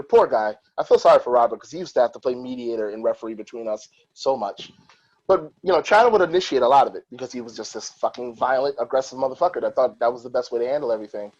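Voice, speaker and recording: A man hosting a podcast who tells personal stories in a candid, profane and animated way. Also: medium pitch, highs cut off. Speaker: podcast host. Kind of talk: casual podcast storytelling.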